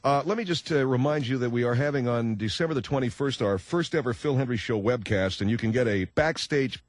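A man's voice: medium pitch, a little fast, no echo. A man hosting a radio call-in show, brash and pushy, firing repeated questions at callers. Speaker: radio talk show host.

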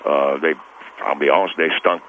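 A man playing a blustery, long-winded middle-aged girls' softball coach with a Texas accent, calling into a radio comedy bit, rambling and correcting himself defensively. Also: rumbling low, steady tone, moderate pace. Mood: blustering. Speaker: caller. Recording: tinny phone line with faint hiss.

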